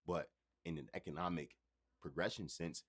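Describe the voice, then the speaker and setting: Male streamer host with a very deep voice, loose and conversational, swears freely. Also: moderate pace, a bit bright, breathy edge. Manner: loose, profane, conversational, addresses chat directly. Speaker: livestream host. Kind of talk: casual livestream monologue.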